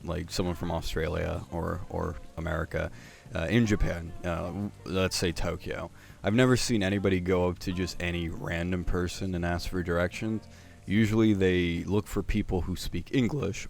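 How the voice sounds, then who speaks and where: A man's voice: deep voice, vocal fry. A young man hosting casual anime commentary, rambling with many fillers and restarts.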